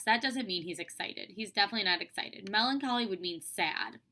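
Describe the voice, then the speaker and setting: A woman's voice: medium pitch, animated, a little fast, bright, forceful tone. A young woman teacher reading a children's book aloud and talking through the questions in a casual, chatty way. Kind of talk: reading aloud and explaining a lesson.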